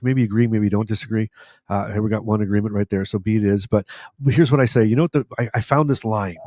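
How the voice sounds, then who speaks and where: Low chatty guy hosting a podcast, rambles and restarts a lot, dry close sound. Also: steady tone, fast, a little mellow, no room sound. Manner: rambling, with frequent restarts and fillers. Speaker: podcast co-host. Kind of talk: casual podcast chat.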